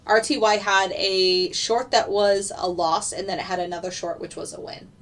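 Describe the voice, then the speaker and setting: A woman's voice: mid-range voice, fairly even intonation, normal speed. A woman hosting a casual live stream, chatting to viewers and talking through her trades. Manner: chatty, reads out chat and trades. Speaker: trading streamer.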